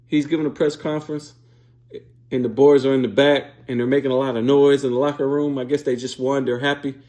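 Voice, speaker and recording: A man's voice: mid-range voice, level tone, brisk, a little mellow. A man hosting a sports show, giving blunt, profane, fired-up casual opinion commentary.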